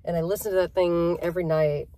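A woman talks to her viewers like friends, spinning a personal story in a loose, chatty vlog style. Her voice sits a little low for a woman. She fills pauses and keeps checking in with her audience. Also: steady tone, mellow. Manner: chatty, conversational, with fillers and direct address. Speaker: vlogger. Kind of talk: casual storytelling to camera.

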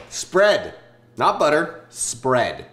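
A man in his twenties from Southern California hosting a casual food-tasting vlog, joking and swearing in deadpan asides. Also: medium pitch, roomy sound, background noise. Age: 20s.

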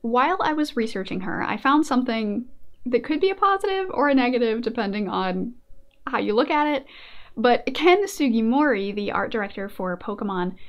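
A young adult woman hosting a casual commentary video, playful and animated, often laughing. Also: fairly high pitch, moderate pace, muffled recording. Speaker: video essayist host.

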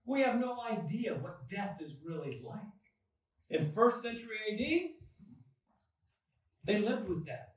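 A male pastor preaching a sermon, slow and deliberate, with dramatic pauses and swells of emphasis. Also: high-pitched, big pitch swings. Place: church sanctuary. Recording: echoey church hall from far off.

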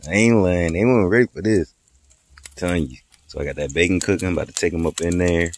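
A man with a very deep, low voice talks through his grilling in an easy, teasing way. He jokes with his viewers in loose, laid-back slang as he cooks. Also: fast talker, a little hiss or hum. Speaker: vlogger cooking at a grill. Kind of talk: casual joking monologue while cooking.

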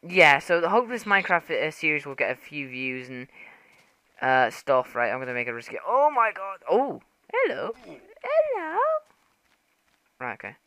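A young man giving casual, rambling gameplay commentary for his channel, excitable, swearing and laughing often. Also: mid-range voice, a little fast, clear, resonant tone, dry recording. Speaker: gaming channel host.

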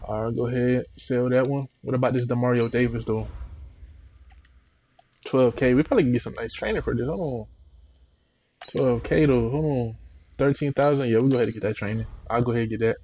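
A young man giving casual, slangy commentary while opening packs in a video game, relaxed but breaking into excited outbursts. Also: medium pitch, brisk, pauses often. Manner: laid-back slangy chatter, sudden excited outbursts. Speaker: gaming channel host.

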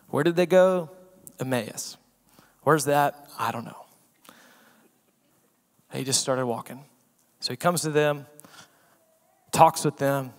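A man preaching a sermon as pastor, swinging between loud emphasis and hushed asides and asking the room rhetorical questions. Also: medium pitch. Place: church sanctuary. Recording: long reverb of a church hall.

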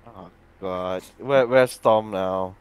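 A man playing a character in a tabletop role-playing game who exclaims and repeats himself when excited. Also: low voice, takes it slowly, clear, resonant tone. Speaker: player.

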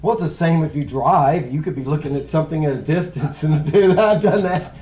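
A man's voice: on the high side, a little fast, darkish tone, rough recording. A middle-aged man teaching a casual Bible lesson, rambling and conversational, often stopping to correct himself.

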